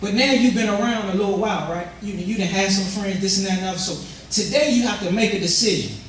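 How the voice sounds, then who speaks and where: A male pastor preaching an animated sermon with call-and-response. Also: high-pitched, quick pace, slight background noise. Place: church sanctuary. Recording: echoey church from far off, congregation audible.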